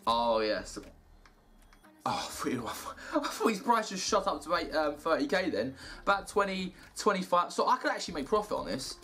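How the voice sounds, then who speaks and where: A young man giving casual commentary over gameplay, muttering to himself and cheering loudly at good results. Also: fairly high pitch, moderate pace. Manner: excitable, shouts and cheers at good packs. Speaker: gaming YouTuber.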